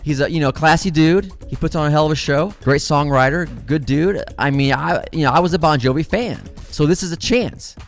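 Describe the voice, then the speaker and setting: A middle-aged man, a comedian host, telling a long story in a casual, animated and profane way. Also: a little high, fairly quick, hardly any pauses, faint music behind.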